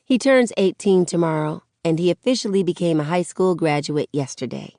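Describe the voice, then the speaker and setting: A woman reads a first-person novel aloud in a low voice, conversational and easy. The recording is close and dry, with no room sound. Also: moderate pace, mellow, no room sound. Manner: conversational teen-voiced storytelling. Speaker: audiobook narrator. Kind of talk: first-person audiobook narration.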